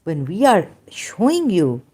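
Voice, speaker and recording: A woman's voice: fairly low pitch, wildly swooping pitch, unhurried, dark tone, slightly rough. A woman in pain giving an emphatic, rambling lecture, scolding her listeners. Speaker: religious critic. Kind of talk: lecturing monologue.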